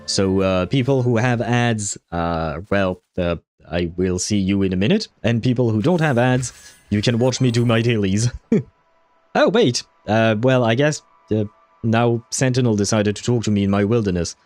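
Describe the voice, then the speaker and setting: Male streamer, lively pitch, rambly and loose with filler, laughs a lot, faint music behind. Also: normal speed, no room sound. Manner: swears when frustrated. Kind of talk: casual gaming commentary.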